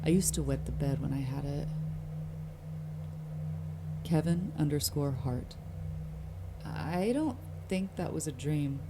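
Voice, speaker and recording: A woman reading forum posts aloud in slow, somber horror story narration. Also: low-pitched, expressive, noisy background.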